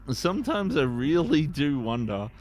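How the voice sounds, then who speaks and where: A man's voice: fairly high pitch, a little mellow, a little hiss or hum. A man with an Eastern Australian accent, chatting casually on a game stream in a rambling, laid-back way and laughing often. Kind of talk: casual live-stream chat.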